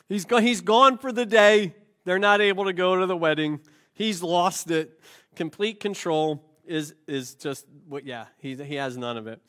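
A man's voice: a little high, fairly bright tone. A middle-aged man preaching a sermon, talking in a loose, joking, conversational way with frequent restarts. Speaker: pastor.

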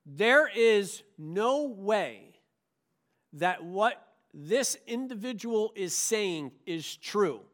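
A man preaching a sermon, emphatic and animated, leading his congregation in call-and-response. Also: high voice, very slow. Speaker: pastor.

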